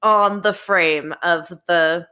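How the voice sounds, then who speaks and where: A woman's voice: fairly low pitch, fairly even intonation, slow, sharp tone, clean tone. A woman co-hosting a casual podcast, adding dry comments to the conversation. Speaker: podcast co-host. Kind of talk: casual chat.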